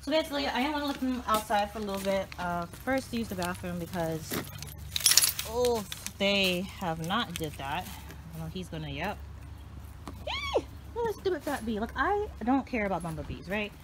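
A woman vlogging outdoors, chatting easily to her viewers and calling them y'all while she walks her dogs. She talks to the camera on a handheld phone, and steady outdoor noise runs under her voice. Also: mid-range voice, brisk. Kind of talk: casual vlog chat. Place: outdoors on a hiking trail, then a home yard.

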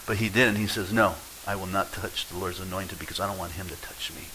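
Pastor guy giving a sermon, low-ish bright voice, acts out the voices, some faint hiss. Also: quick pace, rough recording. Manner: lively, acts out quoted voices, wide swings in loudness.

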